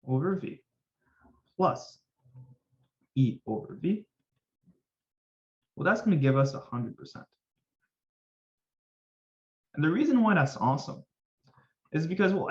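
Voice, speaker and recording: This man tutors finance through a casual screen-recorded lesson, staying upbeat and chatting with viewers between jokey asides. His pitch is medium. The audio sounds dull and carries the echo of the room.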